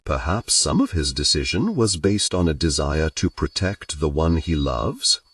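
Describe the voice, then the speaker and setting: A man doing an earnest tentacled alien lover from an audiobook romance, formal and exact in every phrase, never using contractions. His voice sits higher than the reader's own low register and swings widely. The sound is dry and comes from a little off the mic. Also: sing-song, a little slow, no echo, distant mic, exaggerated voice.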